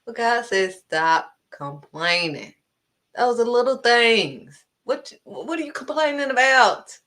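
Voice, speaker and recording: Her voice is expressive and on the high side, a bit bright, with a slightly slow pace. This woman preaches an informal, conversational devotional, scolding emphatically and driving points home in short, blunt words.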